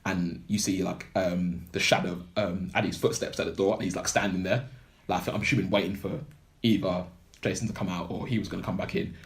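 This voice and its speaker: A man's voice: deep voice, steady tone, fairly quick. A young man casually retelling a film plot on a podcast, rambling with lots of fillers. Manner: rambling storyteller, heavy filler words. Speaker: podcast co-host. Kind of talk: casual film recap chat.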